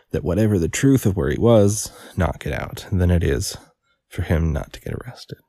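A man's voice: sits low, gravelly, dark tone, no echo, clean studio sound. A man reading a mystery novel aloud, stopping to correct himself and chat about the text. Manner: pauses to correct and comment on his reading. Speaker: audiobook reader. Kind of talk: casual read-aloud with commentary.

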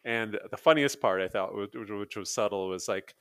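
Male co-host, casual rambling chat, low voice, dry close mic. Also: normal speed, a bit bright, clean tone, dry recording. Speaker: podcast co-host.

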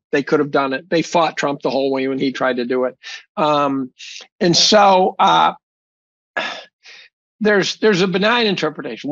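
A man's voice: on the high side, creaky, fairly bright tone, no echo, lo-fi sound. A man guest in an interview, a professor talking bluntly and emphatically, often restarting his sentences. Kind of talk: opinionated conversational interview.

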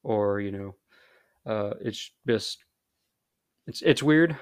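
A man's voice: on the low side, animated, takes it slowly, smooth, dry recording. An American man hosting a podcast in a casual, rambling monologue full of fillers and self-deprecating asides. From United States. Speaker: podcast host.

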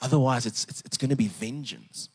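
A young man preaching a sermon, earnest and animated, repeating words and rising for emphasis. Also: medium pitch, a little fast, slightly rough. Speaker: pastor.

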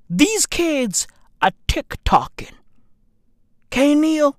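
Brief: woman comic ranter, swaggering slang, unhurried but punchy, dry booth sound. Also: fairly high pitch, animated, dry recording. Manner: loud, swaggering, profane slang-heavy ranting. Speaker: comedic commentator. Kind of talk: comedic rant.

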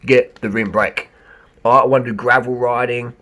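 A man, a bike shop owner, reacting to a clip with animated, sarcastic ranting. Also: mid-range voice, normal speed. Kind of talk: reaction commentary.

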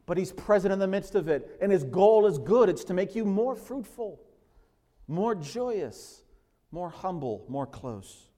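A man pastor preaching an expository sermon in a church, telling the story with lively voices and an occasional laugh. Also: sits high, a little slow. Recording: long hall reverb.

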